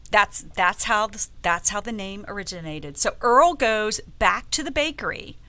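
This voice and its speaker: A woman from the American South hosts a casual web radio chat, spinning a story with playful asides. Her voice is bright and forward. She keeps things lively and conversational. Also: medium pitch, normal speed, no room sound. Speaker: host.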